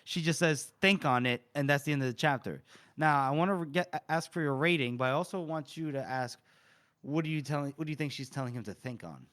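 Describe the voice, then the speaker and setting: A man's voice: a little high, fast, fairly bright tone. Man casually retelling a book chapter. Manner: retells scenes, briefly voicing characters' lines. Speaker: podcast co-host. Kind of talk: casual book-discussion chat.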